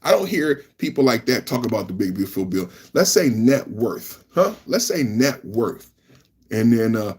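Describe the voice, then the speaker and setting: Husky-voiced man ranting on a podcast. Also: mid-range voice, sing-song, normal speed. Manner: loud, repetitive, talks straight to chat. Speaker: podcast host. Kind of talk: live reaction podcast rant.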